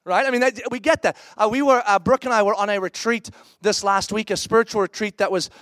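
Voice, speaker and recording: High-voiced middle-aged man preaching. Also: fast, no room sound. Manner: candid, animated, acts out quoted reactions. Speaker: pastor. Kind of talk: conversational sermon with storytelling.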